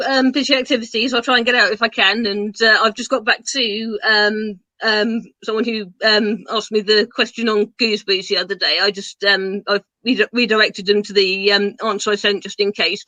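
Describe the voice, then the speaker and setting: A woman on a casual online gardening show, talking hesitantly with many pauses over a video call. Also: mid-range voice, steady tone, sharp tone, dry recording. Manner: hesitant, many fillers and restarts. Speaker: gardening panelist. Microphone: video call mic.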